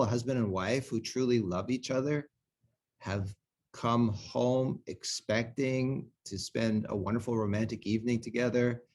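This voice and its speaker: A middle-aged man co-hosting a relationship talk, telling a story in an animated way and laughing often. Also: mid-range voice. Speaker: co-host and presenter.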